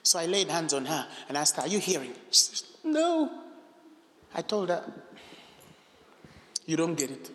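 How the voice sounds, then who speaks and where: A man preaching a charismatic sermon, emphatic and animated, breaking into shouts and asking the congregation questions. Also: a little high, measured pace, pauses often, a little hiss or hum. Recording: echoey hall.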